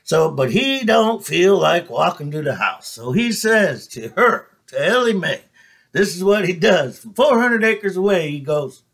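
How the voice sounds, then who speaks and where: Casting: folksy comedian host, fairly high voice, spinning a yarn. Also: male voice, sing-song, unhurried, creaky, a bit bright, slightly rough. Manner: folksy, drawling, joking. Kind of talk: comic storytelling monologue.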